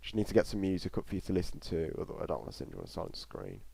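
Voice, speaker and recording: Blunt, low-voiced man reacting live. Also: sing-song, racing, creaky, mellow, breathy edge, no room sound. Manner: casual, blunt and opinionated, talking straight to viewers. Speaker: host of a live match reaction stream. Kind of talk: live football reaction commentary.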